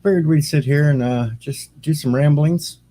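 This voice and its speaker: A man's voice: fairly high pitch, moderate pace, mellow. A man casually chatting on his livestream, rambling and greeting viewers by name. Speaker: streamer and radio host.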